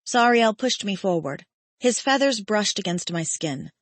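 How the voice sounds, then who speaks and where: Slow, emotive woman narrating a romance. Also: medium pitch, animated, no echo. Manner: emotive and measured. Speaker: audiobook narrator. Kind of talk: first-person romance audiobook narration.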